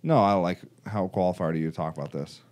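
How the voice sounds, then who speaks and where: Deep-voiced easygoing young host. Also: male voice, fast talker, darkish tone. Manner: easygoing, moves the show along. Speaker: podcast host. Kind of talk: casual office banter.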